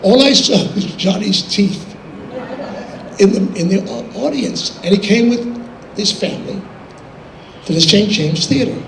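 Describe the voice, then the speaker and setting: An older man telling animated anecdotes in an interview, acting out quotes and laughing as he goes. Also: high-pitched, measured pace, gravelly, long pauses. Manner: animated, laughing storyteller who acts out quotes. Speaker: interview guest. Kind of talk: anecdotal storytelling. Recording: roomy with background noise.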